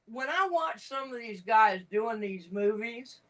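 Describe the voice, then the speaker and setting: A woman's voice: a little high, lively intonation, unhurried, distant mic, rough recording. A woman in casual conversation, telling stories frankly and emphatically. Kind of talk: casual chat. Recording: voice set back from the mic.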